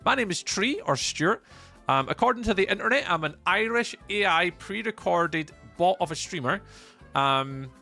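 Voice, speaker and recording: A man's voice: high-pitched, lively intonation, normal speed, vocal fry, bright, forceful tone, soft background music. A man from Scotland with a Scottish accent, chatting casually on a live stream and reading out and answering chat while he plays.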